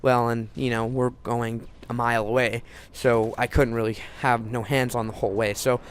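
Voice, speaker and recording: A man's voice: medium pitch, flat delivery, moderate pace, slight background noise. A teenage boy telling a personal story in a casual, rambling way, full of restarts and fillers.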